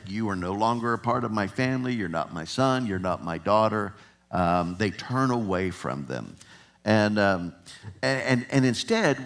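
A man's voice: lowish voice, a bit bright. A man preaching a sermon in a conversational way, chuckling at times and building to emphatic passages.

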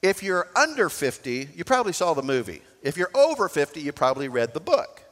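A man preaching a sermon as pastor, swinging from loud to soft. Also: a little high, very animated, brisk, big-room sound.

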